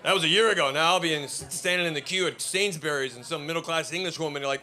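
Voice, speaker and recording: Brash American stand-up man, bright tone. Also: a little high, fast talker, few pauses. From Idaho, USA. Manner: brash, profane, mocking. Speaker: stand-up comedian. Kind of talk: stand-up comedy set. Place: comedy club basement before a live audience.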